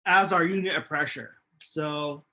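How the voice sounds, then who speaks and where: Slow, bright-voiced man lecturing. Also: on the high side, fairly even intonation. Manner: unhurried, hesitant with many ums, self-correcting. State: losing his voice, coughing. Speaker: chemistry lecturer. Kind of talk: recorded online lecture.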